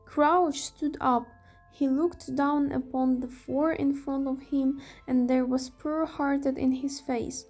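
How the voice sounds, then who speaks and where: A young woman narrates a novel in careful, measured phrases. Her voice is high and she reads slowly. Soft music plays faintly behind. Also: steady tone. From Ukraine. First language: Ukrainian. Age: young adult. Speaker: student reader. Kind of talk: audiobook narration.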